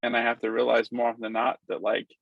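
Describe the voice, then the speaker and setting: A man's voice: mid-range voice, completely flat delivery, quick pace, creaky, no room sound, lo-fi sound. A man in his forties hosting an interview, speaking in an enthusiastic, thoughtful way. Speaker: podcast host. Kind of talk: casual interview talk.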